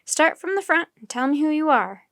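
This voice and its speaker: A woman's voice: high-pitched, very animated, brisk, dry recording, clean studio sound, pitched above the performer's own voice, heavily acted. A woman voicing a cheerful, hearty adult bus driver and tour guide in a storybook reading. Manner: loud, hearty, calling out to a group.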